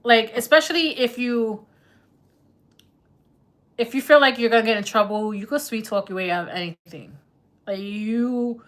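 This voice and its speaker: Woman tarot reader, casual live stream, bright higher voice, chatty and playful. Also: a little slow, long pauses. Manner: chatty, laughs often, slangy.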